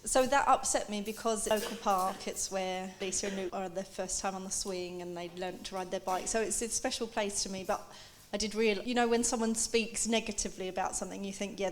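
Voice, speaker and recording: A woman's voice: mid-range voice, fairly even intonation, brisk, hardly any pauses. A woman telling her story in a church, answering the pastor in a plain, earnest way. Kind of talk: interview testimony.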